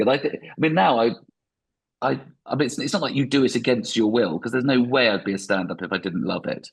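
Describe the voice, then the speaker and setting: A man's voice: medium pitch, fairly quick, vocal fry, slightly rough. A man, a stand-up comedian, talking reflectively in a podcast interview with frequent restarts.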